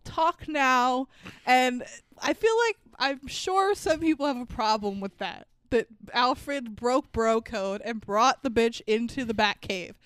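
A woman co-hosting a podcast in casual chat, animated, laughing often and swearing freely. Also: on the high side, measured pace, clean tone, no room sound. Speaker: podcast co-host.

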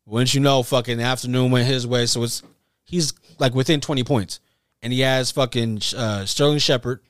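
Male podcast host, mid pitch, animated and profane storyteller, dry close mic. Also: moderate pace, smooth, dry recording. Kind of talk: casual chat.

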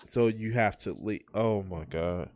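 A man's voice: on the low side, measured pace, darkish tone, soft background music. A man hosting a reaction video, rambling and swearing in casual commentary. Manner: rambling, swearing, self-mocking.

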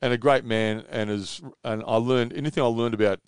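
A man's voice: mid-range voice, fairly even intonation, fairly quick, smooth, no echo, clean studio sound. A man in his fifties with an Australian accent, a guest telling long rambling anecdotes in casual chat. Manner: rambling anecdotes with many fillers. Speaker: interview guest, former footballer.

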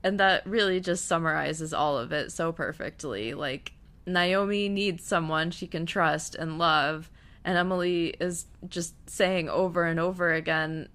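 A young woman talks through a show's episode in a casual, gushy way, swinging from hushed asides to loud outbursts. Her voice is bright and crisp, sitting a little low for a woman. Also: a little slow. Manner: gushing, emotional, swings between hushed and loud. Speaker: TV recap vlogger.

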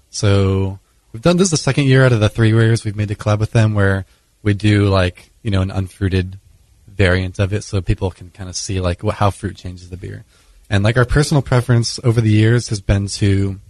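A man in a casual interview, explaining his brewing in a relaxed way, with many fillers. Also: lowish voice, dry recording. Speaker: brewer guest.

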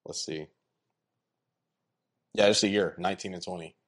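A man in a casual, argumentative sports debate with a friend, often trailing off quietly. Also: deep voice, steady tone, normal speed. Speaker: college football fan.

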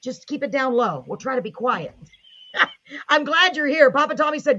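A woman's voice: sits high, animated, moderate pace, pushed and bright, dull audio. Enthusiastic woman hosting a live show. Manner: gushing, enthusiastic, reads viewer comments aloud. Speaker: host. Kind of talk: live online show chat.

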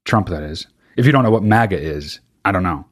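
A man's voice: deep voice, lively intonation, fairly quick. A man hosting his own podcast, talking in a profane, rambling comedic monologue that keeps interrupting itself. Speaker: podcast host.

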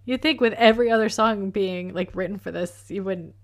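A woman talks through an old movie in easy, casual chat, giggling between lines and keeping it light and playful. Her pitch sits in an ordinary middle range for a woman. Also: a little fast.

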